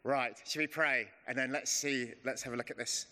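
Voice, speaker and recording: A middle-aged English preacher gives an informal sermon in a church hall, his medium-pitched voice fairly even in intonation. He's chatty and self-deprecating, slowing to a hush when he prays, and the hall adds a long reverb.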